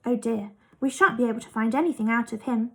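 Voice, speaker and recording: A woman's voice: fairly high pitch, fast, gravelly, a little mellow. A woman voicing a sensible, earnest young girl in a children's story.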